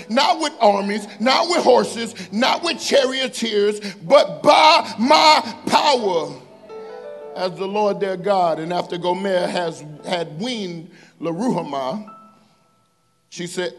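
A man with a high, light voice preaches in church, reading scripture slowly and with emphasis between playful asides to the congregation. Faint music plays softly behind him. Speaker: pastor. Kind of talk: sermon. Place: church sanctuary.

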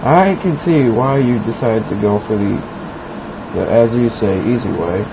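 A man's voice: medium pitch, a little slow. A young man giving casual, mock-serious commentary over his own video game play. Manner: mock-serious, then loud and giddy. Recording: lo-fi, noisy home recording.

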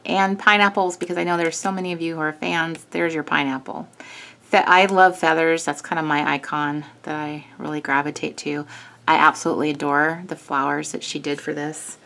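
A woman's voice: sits low, steady tone, normal speed, gravelly, fairly bright tone. A woman hosting a craft video, chatting through a kit in a gushing way with small self-corrections. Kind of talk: casual product walkthrough.

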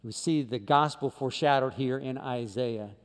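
A man preaching a sermon as pastor, swinging between loud emphatic lines and low quiet ones. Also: normal speed, long reverb tail. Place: church sanctuary.

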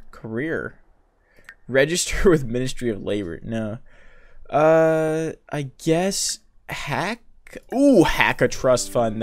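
A man narrates his gameplay in a loose, chatty let's-play style. He thinks out loud and reads on-screen game text as he goes, his pitch swinging widely between words. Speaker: gaming video creator. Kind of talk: casual let's-play commentary.

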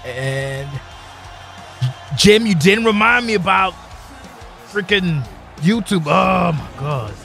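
High-voiced, excitable male game commentator. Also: slow pace, creaky, pauses often, faint music behind. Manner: animated, jokey, shouts and laughs at big moves. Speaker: live stream host and wrestling game commentator.

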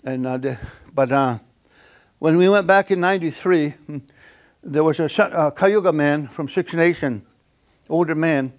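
An older man giving a lecture as an elder, telling stories in a halting, rambling way with many fillers and chuckles. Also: fairly high pitch, lo-fi sound. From Akwesasne Mohawk community. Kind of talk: storytelling lecture.

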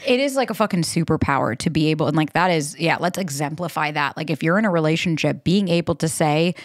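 A woman's voice: sits low, quick pace, dry recording, clean studio sound. A woman hosting a podcast in casual chat, candid and swearing freely. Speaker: podcast host.

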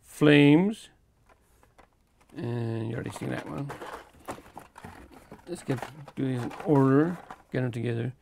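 Gravelly-voiced man chatting through an unboxing. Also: medium pitch, takes it slowly, long pauses, a little mellow, slight background noise. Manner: chatty, easygoing, chuckles between remarks. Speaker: toy car collector host. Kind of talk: casual unboxing commentary.

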